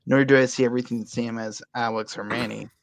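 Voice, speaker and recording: A man with a gravelly, mid-pitched voice talks through his views in a casual podcast chat. His delivery is measured and reflective. The sound is dry. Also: level tone, no room sound. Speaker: caller.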